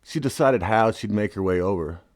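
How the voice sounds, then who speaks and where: A man's voice: fairly low pitch, normal speed, a little mellow, dry recording, clean studio sound. A man reading his own memoir aloud in a wry, casual storytelling manner. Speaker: narrator.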